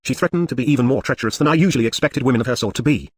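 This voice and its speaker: Guy reading an indignant murderer on trial, husky, talks fast, dry sound. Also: medium pitch, no room sound, natural voice.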